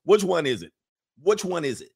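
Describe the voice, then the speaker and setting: A man's voice: on the high side, sing-song, moderate pace, vocal fry, darkish tone, husky. A man hosting a casual livestream, reading chat comments and giving emphatic opinions, often repeating phrases for effect.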